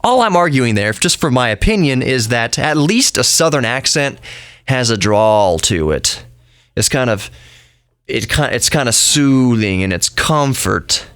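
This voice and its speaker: Podcast guy rambling on with his opinions, average pitch, dry close sound, keeps going off on tangents. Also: lively intonation, a little slow, a bit bright, clear, resonant tone, no echo. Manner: rambling, chatty, self-interrupting asides. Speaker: podcast host. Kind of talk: casual opinionated monologue.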